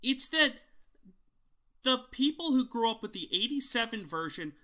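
A man co-hosting a podcast in loose, casual chat. His voice is slightly high and very bright. He rants with strong opinions and swears freely. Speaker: podcast co-host.

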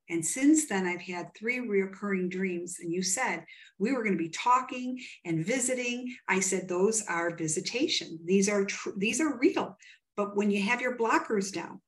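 Emphatic American woman telling a story. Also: lowish voice. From United States. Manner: emphatic, retells conversations in quotes. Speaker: psychic medium guest. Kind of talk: animated storytelling in an interview.

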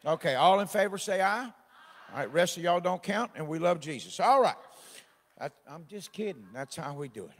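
A man preaching a midweek sermon, folksy and joking, swelling into loud exhortation. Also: on the high side, expressive, brisk, big-room sound. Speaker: pastor. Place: church sanctuary.

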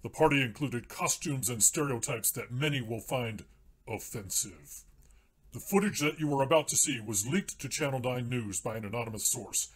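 A man playing a pompous TV news anchor reading a mock bulletin in a deadpan, formal manner. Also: medium pitch, moderate pace, breathy edge, natural voice. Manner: formal, deadpan newsreader delivery.

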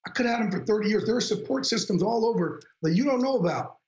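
A man's voice: high voice, animated, fast, a little mellow, reverberant, muffled recording. A man talking as a talk-show guest, telling his story earnestly and openly. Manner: earnest, open storytelling with quoted dialogue. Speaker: guest author. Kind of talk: candid talk-show conversation.

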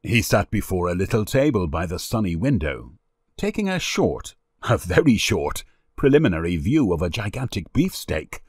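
A man narrating an old storybook in an expressive, lively way. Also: low voice, normal speed, breathy edge, dry recording, clean studio sound. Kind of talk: storybook reading.

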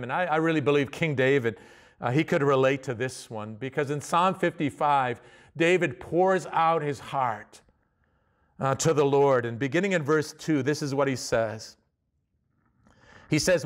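A man preaching a sermon in a conversational way, often restarting phrases and reading scripture slowly. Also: mid-range voice. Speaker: pastor.

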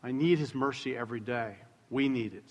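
A middle-aged male pastor preaching a sermon in a church, conversational and joking at times, slowing down to stress key words. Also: medium pitch. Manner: conversational, jokes with the congregation, slows down to stress words. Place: church sanctuary. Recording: long church hall reverb.

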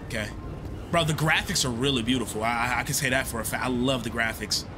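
A young man streaming a horror game, chatting in slangy, excitable commentary and repeating himself as he plays. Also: medium pitch, quick pace, music in the background. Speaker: gaming streamer. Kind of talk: casual let's-play commentary.

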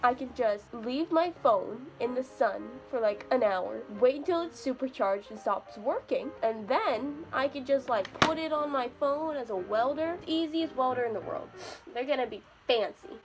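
A woman's voice: high voice, expressive, normal speed, faint music behind. A young woman chatting casually in her bedroom, rambling and poking fun at herself as she films on a phone. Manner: chatty, rambling, self-mocking. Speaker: vlogger. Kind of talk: casual vlog chat.

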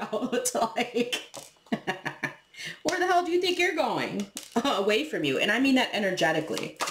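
A woman's voice: on the low side, reverberant, noisy background. A woman giving a casual tarot reading to her viewers, talking frankly, swearing freely and laughing as she acts out what people say. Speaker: tarot reader.

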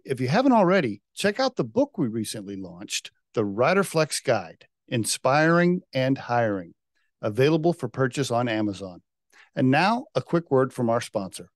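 A man's voice: medium pitch, dry recording, studio quality. A man hosting a podcast, talking loosely and easygoing with lots of "you know" and "uh". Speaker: podcast host. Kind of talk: casual interview conversation.

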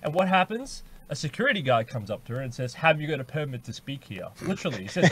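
A man's voice: on the high side, quick pace, breathy edge. A man, co-hosting a political panel chat, telling stories animatedly. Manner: animated storyteller, mimics voices. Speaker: podcast co-host.

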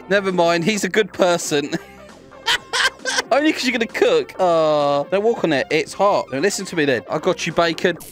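A man's voice: sits high, sing-song, unhurried, a bit bright, faint music behind. A young man hosting a gaming video, giggling and teasing players as he plays. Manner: giggly, teasing, laughs often. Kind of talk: playful gameplay commentary.

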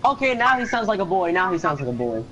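A man's voice: high voice, big pitch swings, fast talker. A young man chatting and laughing goofily in a game voice chat, often sing-chanting silly lines. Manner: goofy, keeps sing-chanting a silly song, laughs a lot. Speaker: gamer in voice chat. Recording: very noisy game chat audio.

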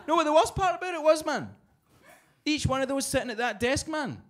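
A man's voice: extremely high pitch, expressive, brisk, fairly bright tone. A Scottish man doing a profane stand-up set in a small bar, telling a story and acting out its voices. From Scotland. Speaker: stand-up comedian. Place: small bar with live audience.

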